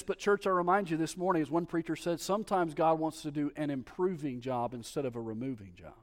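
A male pastor preaching with a high, ringing voice, dropping to hushed asides and then climbing to loud, emphatic exclamations. His voice trails off into the long reverb of a church sanctuary. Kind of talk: sermon.

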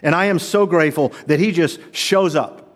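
A middle-aged man preaching a sermon as pastor, animated, asking the congregation rhetorical questions. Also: on the high side, moderate pace. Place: church sanctuary. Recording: long reverb of a large hall.

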